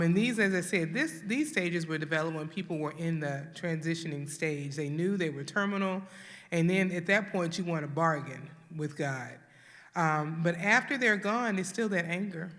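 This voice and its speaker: In a church hall, a woman from Houston, Texas leads a grief workshop, speaking earnestly and acting out the voices of grieving people. Her voice is on the low side and a bit bright, with a long reverb tail.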